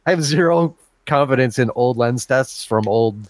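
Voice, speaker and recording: A man's voice: medium pitch, a little slow, no echo. A man co-hosting a casual podcast, chatting and laughing as he reads listener comments aloud. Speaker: podcast co-host.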